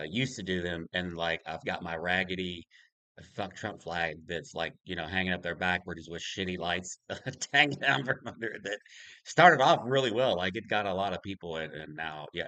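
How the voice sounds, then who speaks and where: A man's voice: low voice, sharp tone, no echo. An older man hosting a casual live-stream talk show, easygoing and chuckling, loose with fillers. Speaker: podcast host taking callers.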